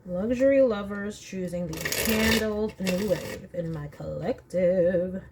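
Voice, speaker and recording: A woman's voice: mid-range voice, slow pace, noisy background. A woman reading tarot cards at home in a casual, chatty way, thinking aloud as she draws each card. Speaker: tarot reader.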